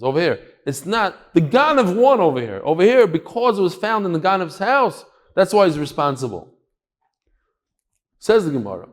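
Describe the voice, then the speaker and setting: Man, middle-aged, Talmud lecture, storytelling, slightly high voice, very lively pitch. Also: moderate pace. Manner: lively, acts out the voices in his stories, shouts at the climax. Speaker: Talmud teacher.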